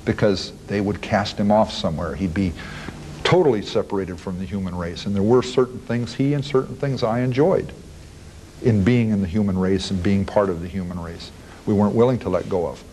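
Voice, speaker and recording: Deep-voiced man, blunt and plain-spoken, recounting past events in an interview. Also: brisk, dark tone, a little hiss or hum, rough recording. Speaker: interviewee in an archival prison interview.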